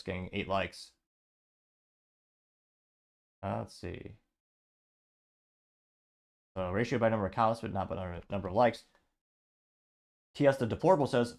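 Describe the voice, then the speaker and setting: Male host, lowish voice, wry sarcastic commentary over read-out comments. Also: fairly quick, long pauses, a little mellow. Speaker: podcast host. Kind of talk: political commentary reading social media replies.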